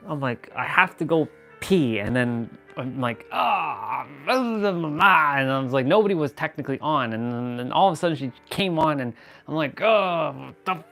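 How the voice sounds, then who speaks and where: A man's voice: mid-range voice, expressive, normal speed, a bit bright, soft background music. A man chatting casually on a phone live stream, goofy and joking, poking fun at himself. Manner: goofy, joking, self-mocking.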